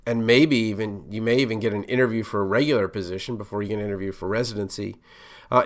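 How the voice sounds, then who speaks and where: A middle-aged man talks alone on his podcast in a relaxed, rambling way. His voice sits a little low. He fills his thoughts with "uh" and restarts sentences as he goes. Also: vocal fry. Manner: casual, rambling, many fillers and restarts. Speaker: podcast host, pharmacist. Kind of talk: solo podcast monologue.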